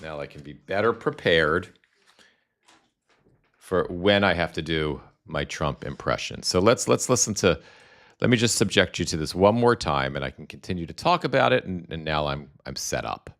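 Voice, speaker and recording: A man's voice: deep voice, expressive, moderate pace, creaky, fairly bright tone. A man hosting a live stream from home, rambling casually with self-deprecating asides and frequent restarts.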